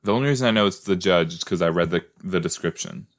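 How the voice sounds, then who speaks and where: Here a young man with a deep voice talks fast, hosting a podcast where he reacts to a TV episode in casual watch-along commentary. He rambles, stays playful, and startles easily.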